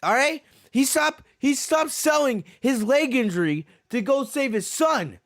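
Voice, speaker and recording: High-voiced man ranting on a podcast. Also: animated, unhurried, few pauses, fairly bright tone, no room sound, clean studio sound. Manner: ranting, repeats himself, profane. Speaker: podcast host. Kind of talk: heated wrestling show review.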